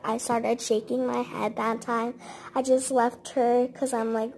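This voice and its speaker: Casting: high-pitched, slow-paced woman, casual storytime narrator, animated. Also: rough recording. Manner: chatty, animated retelling with quoted dialogue. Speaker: storyteller recounting babysitting.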